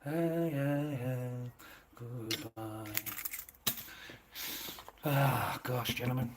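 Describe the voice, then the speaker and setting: A man's voice: medium pitch, measured pace, pauses often, background noise. An Australian man livestreaming to his chat, combative and swearing, with taunting insults. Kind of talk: profane livestream rant.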